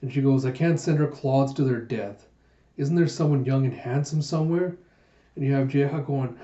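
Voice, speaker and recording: A man reads a manga aloud, narrating each panel and reading the characters' lines in playful voices. His tone is mellow and dark, and the recording sounds muffled and lo-fi, like a home setup. The room around him is echoey. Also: medium pitch, moderate pace. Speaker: manga reviewer. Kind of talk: animated manga readthrough.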